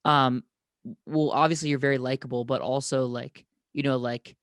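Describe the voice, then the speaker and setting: A man hosting a casual podcast, talking excitedly, stumbling over restarts and swearing freely. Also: mid-range voice, normal speed, no echo, studio quality. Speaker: podcast host.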